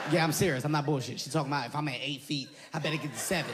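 A man doing stand-up storytelling, animated, with loud bursts and laughing at his own story. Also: on the high side, fast. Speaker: stand-up comedian. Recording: live stage recording with audience noise.

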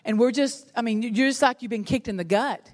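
A middle-aged woman, preaching a sermon and telling a personal story with animated, self-mocking humor. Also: fairly high pitch, fairly quick, in a large hall. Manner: animated storytelling, laughs at herself. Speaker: pastor's wife and preacher.

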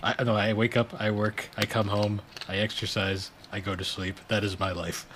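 A man's voice: on the low side, flat delivery, moderate pace, noisy background. A young man from New England co-hosting a podcast in casual chat, dry and teasing. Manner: dry, teasing, matter-of-fact. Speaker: podcast co-host.

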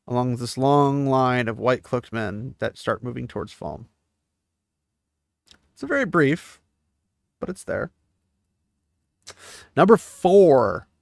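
This book series recap host speaks in a mid-range voice with vocal fry, casually recapping a chapter. He paraphrases the text and interjects offhand asides, and the studio-quality recording has no echo.

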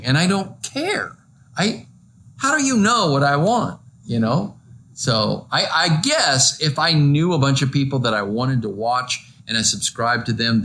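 Man, pastor, chatty sermon, lively intonation, rhetorical questions, medium pitch. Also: a little hiss or hum. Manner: conversational and joking, full of rhetorical questions.

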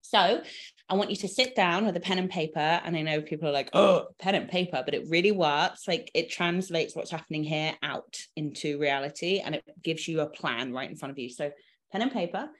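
A woman co-hosting a casual fitness podcast, giving chatty, animated coaching advice. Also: low voice, fairly quick. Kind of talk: casual chat.

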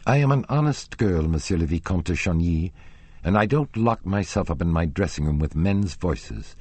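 A man's voice: rumbling low, lively intonation, moderate pace, warm tone, breathy edge, dry recording, heavily acted. A man reading aloud and voicing an earnest, intense young woman singer in a storybook. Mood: indignant. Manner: pleading, rising to indignant.

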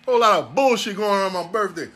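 He talks fast and animated, his high voice carrying a bit of brightness. The speaker is a podcast host in his forties from Ohio, rambling profanely through a casual monologue in a preacher's cadence.

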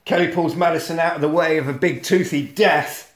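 Animated sweary guy doing a film recap podcast, roomy echo. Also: a little high, brisk. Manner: animated, sweary, bursts into shouted character voices. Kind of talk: comedic film recap chat.

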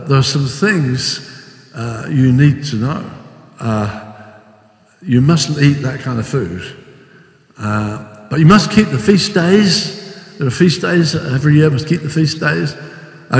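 Older man preaching in an echoey hall. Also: on the high side. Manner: animated storytelling, acting out quoted voices. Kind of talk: sermon. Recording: echoey hall with long reverb.

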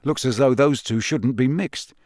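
A man's voice: medium pitch, normal speed, a little mellow, dry recording, close to an everyday voice. A wry teenage prankster, voiced by a man, with a dry sense of humor. His voice sits somewhat above the reader's own, in a close and dry recording.

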